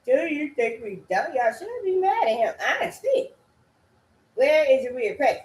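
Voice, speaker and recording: A woman talking in a rambling solo monologue, breaking into sing-song chants and sudden loud cursing outbursts. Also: high-pitched, big pitch swings, normal speed, echoey room.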